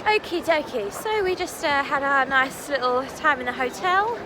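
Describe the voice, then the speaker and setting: A young woman chatting casually to her phone camera as she vlogs, playful and quick to laugh. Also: high voice, expressive, crowd noise. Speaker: vlogger. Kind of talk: casual vlog chat. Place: outdoors on busy city streets and in a café. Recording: phone recording with street noise. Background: street and traffic noise.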